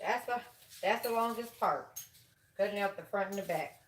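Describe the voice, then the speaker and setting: A woman's voice: mid-range voice, normal speed, a little hiss or hum. A woman hosting a sewing livestream from home, chatting casually with viewers and laughing often. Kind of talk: casual chat while sewing.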